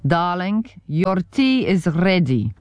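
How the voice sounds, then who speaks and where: Brief: gentle older German man, as a woman narrator puts him on, soft and sweetly puzzled, German accent, dry close sound. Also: sits high, sing-song, slow, dry recording, exaggerated voice. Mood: tender.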